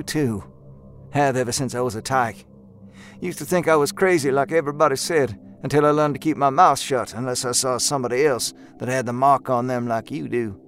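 An actor playing a jittery, eager young male miner who talks in a folksy backwoods dialect with hushed urgency. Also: medium pitch, lightly acted. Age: young adult. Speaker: character in an audio drama. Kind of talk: audio drama acting.

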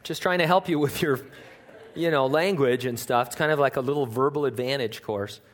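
A male pastor preaching in church in a mid-pitched voice. He talks casually and with humour, his pitch and volume rising and falling as he tells the story. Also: a little fast. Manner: conversational and joking, with wide swings in pitch and loudness. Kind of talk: sermon.

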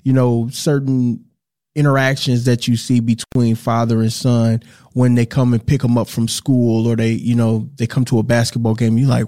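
A man's voice: medium pitch, level tone, moderate pace, mellow, no echo, clean studio sound. A man who teaches podcasting, speaking reflectively in casual talk with many fillers. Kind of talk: casual chat.

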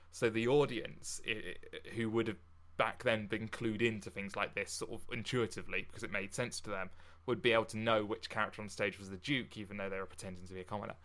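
Bright-voiced young man, halting podcast host. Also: on the low side. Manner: halting, many fillers and restarts, tired. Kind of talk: casual chat and poetry reading.

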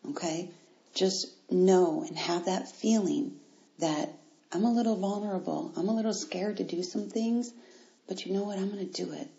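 A woman's voice: mid-range voice, moderate pace, creaky, muffled recording. Encouraging woman podcaster, roomy sound. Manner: encouraging, animated, talks straight to listeners. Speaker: podcast host. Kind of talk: motivational podcast talk.

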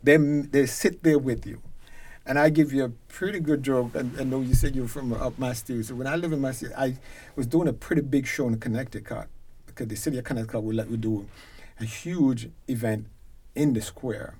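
A man from Jamaica with a Jamaican accent, a reggae concert promoter telling stories as a guest, lively and emphatic. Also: mid-range voice, fairly quick, slight background noise. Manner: lively storyteller who grows loud and emphatic. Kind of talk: animated storytelling in a conversation.

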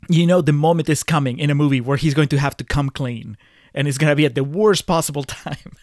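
Podcast co-host, mid-pitched man, chuckling and hesitant critic, dry close mic. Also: fast, a little mellow, no room sound. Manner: chuckling, hesitant with uhs, posing hypotheticals. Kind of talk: casual movie review chat.

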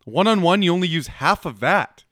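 A young man in casual chat, calmly explaining things at length to his co-host. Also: sits high, normal speed, dry recording, studio quality. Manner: relaxed, explaining things in detail.

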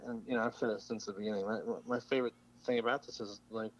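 A man's voice: on the low side, steady tone, fast talker, lo-fi sound, slight background noise. Enthusiastic rambling podcast man. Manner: enthusiastic, rambling, many fillers and swearing. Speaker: podcast co-host. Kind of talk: casual movie discussion podcast.

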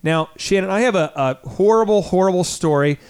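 High-pitched guy hosting a business radio show, energetic, hammering his points home. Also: a little fast, smooth. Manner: energetic, emphatic, addresses listeners directly. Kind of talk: radio talk show interview.

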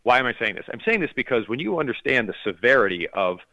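Bright, forceful man explaining with urgency. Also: medium pitch, sing-song, quick pace, gravelly, no room sound, lo-fi sound. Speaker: health expert guest. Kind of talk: explanatory interview talk.

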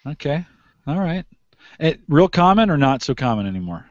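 A man's voice: on the high side, sing-song, moderate pace, no echo, muffled recording. A man hosting a podcast, asking lots of curious questions in a casual chat and laughing often. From United States. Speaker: podcast host.

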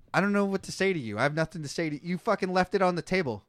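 A man's voice: fairly high pitch, expressive, rapid-fire, few pauses, fairly bright tone, no room sound. A man co-hosting a comedy podcast, riffing in crude banter and incredulous mock rants full of swearing. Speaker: podcast co-host.

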